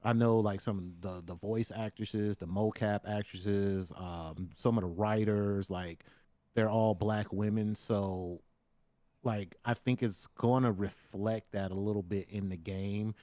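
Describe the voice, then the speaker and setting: A man's voice: on the low side, steady tone, measured pace, warm tone, no echo. A man co-hosting a podcast in casual chat, blunt and laid-back, swearing offhandedly. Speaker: podcast co-host.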